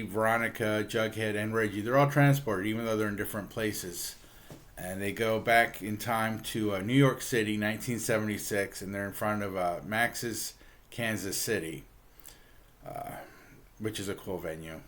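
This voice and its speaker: A man with a somewhat low voice hosts a relaxed comic book review on his channel. He walks through the story in an easygoing, halting way, filling pauses with ums and uhs and chuckling now and then.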